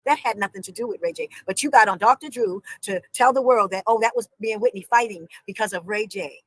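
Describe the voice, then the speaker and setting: A woman's voice: mid-range voice, fast, fairly bright tone, no room sound, rough recording. Indignant woman, dry close recording. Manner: indignant, repeats words for emphasis. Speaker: family member of a late singer.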